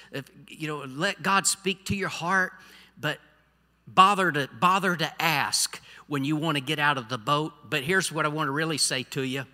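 A man preaching a sermon as pastor, swinging from quiet asides to loud exhortation. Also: fairly high pitch. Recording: long hall reverb.

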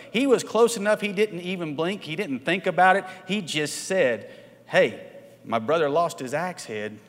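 A man's voice: high-pitched, fairly bright tone, long reverb tail. A man preaching a midweek sermon to his congregation, conversational, often checking in with "right?" and asking for a show of hands. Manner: conversational, asks the congregation questions, frequent "right?" tags. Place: church sanctuary.

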